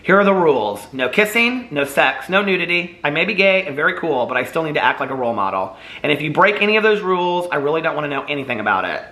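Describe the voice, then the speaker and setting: A man's voice: a little high, sing-song, fast talker, hardly any pauses, bright, forceful tone, echoey room. A man reading the part of a blunt, teasing gay man over forty in a storybook. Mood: mock-stern.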